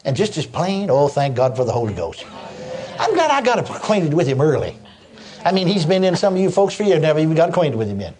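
Animated older preacher. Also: male voice, on the high side, quick pace, breathy edge. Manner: animated storytelling with repetitions and laughs. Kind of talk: sermon.

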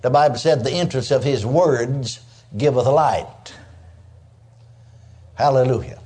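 An older man preaching a sermon in a folksy, animated way, dropping in frequent exclamations of praise. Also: mid-range voice, slow pace.

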